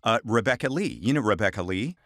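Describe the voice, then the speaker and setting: A man's voice: fairly low pitch, lively intonation, quick pace, a bit bright, no echo, clean studio sound. A man hosting a podcast, chatting casually in a jokey, upbeat way. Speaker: podcast host.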